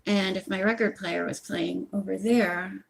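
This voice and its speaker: A woman's voice: mid-range voice, steady tone, measured pace, gravelly, breathy edge. A woman casually chatting on a phone livestream at home while she knits, rambling with lots of asides. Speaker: audiobook channel host.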